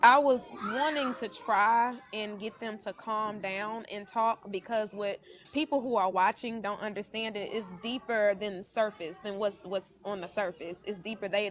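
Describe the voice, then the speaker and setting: Calm, measured woman explaining. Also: medium pitch. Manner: measured, calming, with small stumbles. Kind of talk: calm explanation on a live stream.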